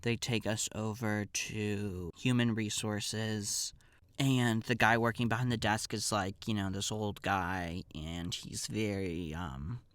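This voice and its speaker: A man's voice: on the low side, fairly even intonation, takes it slowly, fairly bright tone, clean tone, no room sound. A man hosting a podcast, telling a comedic personal story in a wry, digressive, offhand way.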